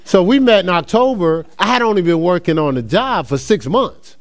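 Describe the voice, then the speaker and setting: A middle-aged man from New Jersey preaches a sermon full of personal stories, telling it in a laid-back way, laughing often and calling the crowd y'all. His voice is high and expressive, at a normal speed.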